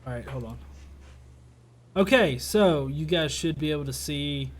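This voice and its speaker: A man's voice: a little high, animated, measured pace. A man hosting a casual political podcast, talking loosely with lots of filler words. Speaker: podcast host.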